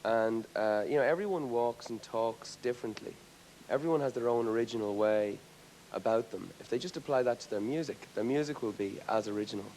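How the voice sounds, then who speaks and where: A man's voice: mid-range voice, a little fast, hardly any pauses, a little mellow, slight background noise, rough recording. An Irish man talking as a guest in a casual TV studio interview, thoughtful and rambling, often restarting his sentences. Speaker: rock singer interviewed as a guest. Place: TV studio with an audience.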